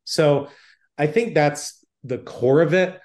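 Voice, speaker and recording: A man's voice: fairly high pitch, takes it slowly, darkish tone. Emphatic man explaining as a doctor. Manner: emphatic, plain-spoken explainer. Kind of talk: explanatory interview talk.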